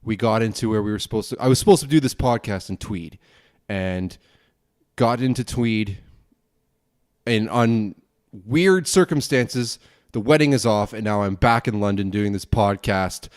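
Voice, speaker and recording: A man's voice: lowish voice, moderate pace. A young man hosting his own podcast alone, ranting angrily with plenty of swearing and rambling asides. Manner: angry, profane, rambling rant. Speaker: podcast host.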